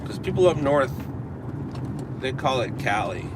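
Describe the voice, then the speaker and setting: A man's voice: mid-range voice, big pitch swings, measured pace, pauses often. A man hosting a casual livestream, chatting with viewers in a rambling, playful way and often correcting himself. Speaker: livestream host. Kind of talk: casual chat with live chat viewers. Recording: noisy street and traffic background.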